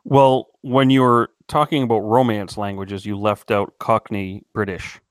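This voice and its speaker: A man co-hosting a podcast in casual banter, with wry, deadpan humor, steering the talk. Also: lowish voice, unhurried, smooth, no room sound, clean studio sound. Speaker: podcast co-host.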